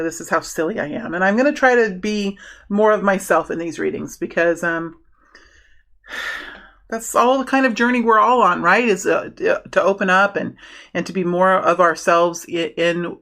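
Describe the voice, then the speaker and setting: A woman's voice: on the low side, a bit bright. Chatty woman giving a tarot reading. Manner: chatty, rambling, with many restarts and fillers. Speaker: tarot reader. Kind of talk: casual tarot reading to camera.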